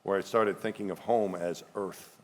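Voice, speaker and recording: Deep-voiced New man, reflective. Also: steady tone, big-room sound, over a noisy crowd. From New York area, USA. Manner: reflective, halting with repeated words. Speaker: astronaut guest. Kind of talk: panel discussion on stage.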